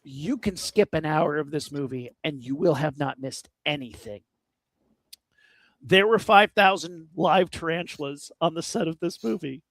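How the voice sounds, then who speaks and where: A man with a fairly high voice talks about films in a loose, rambling way, cracking jokes as he goes. The sound is dry and close to the mic, with no room in it. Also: dry recording. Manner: rambling, animated, quick to joke. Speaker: podcast co-host. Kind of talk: casual movie chat.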